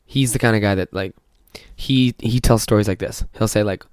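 A man's voice: on the low side, normal speed, clean tone, no echo, studio quality. Profane young man ranting on a podcast. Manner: profane, mocking, acts out quoted people. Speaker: podcast host. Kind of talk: casual comedic rant.

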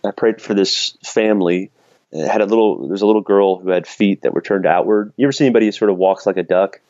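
A man's voice: on the low side, quick pace, darkish tone, dry recording, dull audio. A man telling a personal story in a casual conversation, candid and self-deprecating, laughing now and then. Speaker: podcast guest.

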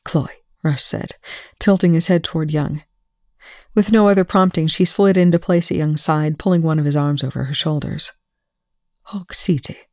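A fan fiction audiobook narrator with a mid-pitched voice, reading in an even, measured way. The recording is dry and close. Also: no echo. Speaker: audiobook reader.

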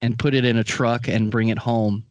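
A man's voice: medium pitch, flat delivery, moderate pace, no echo, dull audio. A man in casual chat, telling rambling stories with himself amused and jumping into comic quoted voices.

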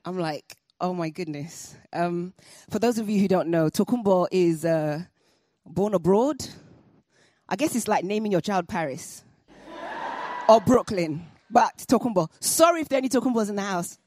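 A woman tells a personal story on stage in an animated, comic way, her voice moving between high and low. Her tone is husky, and the sound is dry and close. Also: moderate pace, no room sound. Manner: animated, comic, laughing asides.

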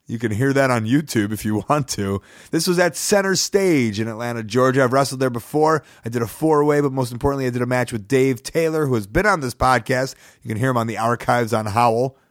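A man's voice: medium pitch, no room sound, clean studio sound. Chatty male podcast host with a cold. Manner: chatty, rambling, upbeat plugs. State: sick with a cold. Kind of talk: casual podcast monologue. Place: studio apartment.

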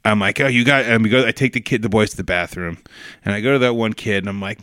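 Middle-aged guy spinning a story on a podcast, bright voice, dry close sound, does little voices. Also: mid-range voice, fast, dry recording. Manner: animated, acts out voices in his anecdote. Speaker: guest. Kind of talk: casual storytelling.

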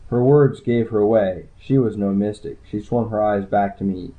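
A man's voice: on the low side, normal speed. A man narrating a first-person story in a dry, wry way. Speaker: audiobook narrator. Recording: tinny phone-like sound.

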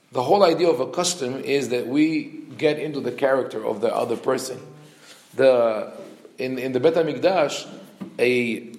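A man giving an animated teaching talk. He often restarts and corrects himself mid-sentence, and he acts out the quotes he reads. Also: mid-range voice. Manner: frequent restarts and self-corrections. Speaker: religious teacher. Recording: roomy echo.

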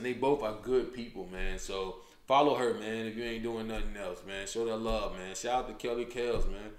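Slangy comedian host in an echoey room. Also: male voice, mid-range voice. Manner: loose, slangy storytelling, lots of "man". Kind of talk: casual podcast chat.

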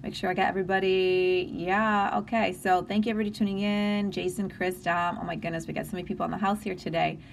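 A woman's voice: on the low side, flat delivery, quick pace, vocal fry, few pauses, a little hiss or hum. A middle-aged woman hosting a live stream, talking in an earnest, emotional, encouraging way, with many restarts, and reading out viewer comments. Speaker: livestream host.

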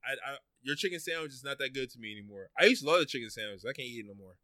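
A man's voice: mid-range voice, animated, very fast, bright, forceful tone, no echo, clean studio sound. A man co-hosting a podcast, chatting casually, teasing his friends and stammering when he gets worked up. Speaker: podcast co-host. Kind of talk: casual chat.

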